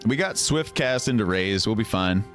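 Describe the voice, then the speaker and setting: A man's voice: on the low side, expressive, moderate pace, fairly bright tone, faint music behind. A man streaming a game, chatting casually and greeting his viewers. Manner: casual, chatty, reads game dialogue aloud and greets chat. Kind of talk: livestream gameplay commentary.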